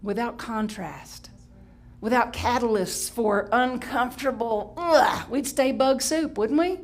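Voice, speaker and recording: A woman pastor preaching a Sunday sermon in a chatty, playful way, breaking into sudden high exclamations and correcting herself as she goes. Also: unhurried. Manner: chatty, with restarts and self-correction. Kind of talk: live-streamed Sunday sermon.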